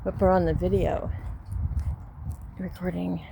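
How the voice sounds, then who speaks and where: A middle-aged vlogger with a Southern Californian accent walks her dog on an outdoor street, holding her phone as she talks casually about personal things. Her voice is fairly low, level, mellow and measured with vocal fry, and she's candid and rambling, restarting often. There's a little hiss or hum.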